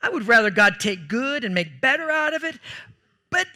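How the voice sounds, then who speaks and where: Guy pastor preaching, kinda high voice, goofy storytelling, gets loud fast. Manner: animated, jokey storytelling with sudden loud bursts. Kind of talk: sermon.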